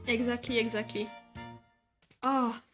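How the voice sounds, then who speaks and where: Soft music plays behind a female streamer who draws as she chats with viewers and responds to their comments. She speaks with a French accent in an unhurried, fairly high voice that barely moves in pitch, hesitating, using lots of fillers and laughing frequently.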